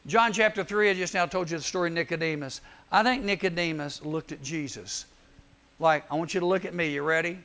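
A man preaching a youth sermon, telling Bible stories in an animated way and acting out the voices. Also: on the high side, brisk. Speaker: youth speaker.

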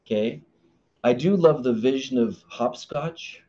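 A man leading a live marriage workshop, animated and playful, acting out the voices he quotes. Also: medium pitch, a little slow, muffled recording.

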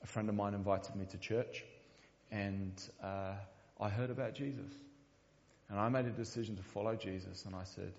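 Brisk and steady in tone, a low-voiced man delivers an earnest church sermon. The recording is dull and roomy, and he tends to repeat the opening word of his sentences.

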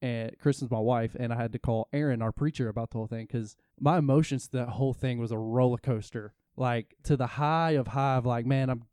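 Mellow-voiced man telling a rambling story. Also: mid-range voice, steady tone, brisk, hardly any pauses, clear, resonant tone, no room sound, studio quality. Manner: rambling, self-interrupting storyteller. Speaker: podcast co-host. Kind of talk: casual storytelling chat.

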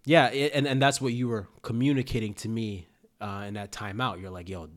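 A young man with a slightly low voice chats casually, animated and full of laughter. He tells his story by acting out the lines of the people in it. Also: fairly quick, few pauses. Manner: animated storyteller, laughs often, acts out quotes. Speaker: former player, interviewer. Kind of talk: casual conversation.

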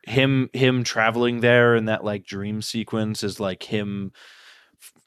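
A man's voice: on the low side, flat delivery, measured pace, fairly bright tone, clear, resonant tone, no room sound, studio quality. A man co-hosting a casual book discussion podcast, musing hesitantly with many fillers. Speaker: podcast co-host.

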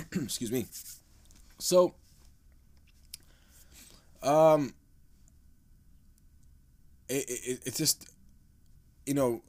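A man hosting a casual podcast, talking in a loose, rambling way. He swears constantly and restarts his sentences as he goes. His pitch sits in a middling range. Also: extremely slow, pauses often. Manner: profane, rambling, laid-back with frequent restarts. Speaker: podcast host.

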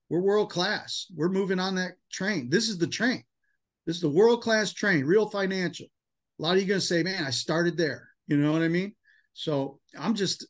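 A man leading a sales team, giving an emotional, hype-filled motivational talk in a casual style full of "man" and "dude". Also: fairly high pitch. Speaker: insurance sales team leader.

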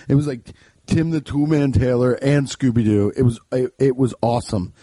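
A man's voice: mid-range voice, steady tone, moderate pace, mellow, no echo. A young man telling a comic story in a loose, rambling, profane way. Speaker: comedian.

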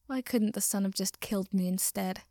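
A woman reading a story aloud and voicing a foul-mouthed, hot-tempered young man who speaks loudly and snappishly. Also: mid-range voice, moderate pace, no echo, clean studio sound, close to an everyday voice. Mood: brash. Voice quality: loud and snappish, swearing.

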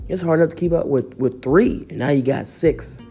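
Chill podcast guy with a bit of a cold, low gravelly voice, rambling easy. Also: fairly quick, dark tone, soft background music. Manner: laid-back, rambling, says "man" a lot. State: has a slight cold. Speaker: podcast host. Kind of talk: casual solo podcast monologue.

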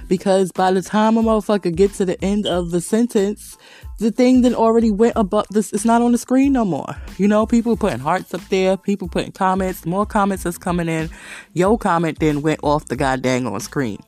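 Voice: mid-range voice, fairly quick, a little mellow, no echo, faint music behind. Profane, laughing podcast host. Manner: profane, rambling storytelling; laughs often while telling stories. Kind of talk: casual monologue.

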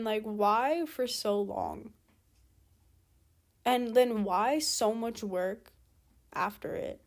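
A woman's voice: mid-range voice, darkish tone. A teenage girl talking alone in a casual monologue, ranting and exasperated, firing off rhetorical questions and swearing. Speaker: podcast host.

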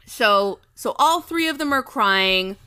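A woman's voice: a little high, slow, smooth. Thirtysomething woman chatting, telling a story, swears a lot, does the voices. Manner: animated, swears freely, acts out quotes. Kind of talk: casual chat, storytelling.

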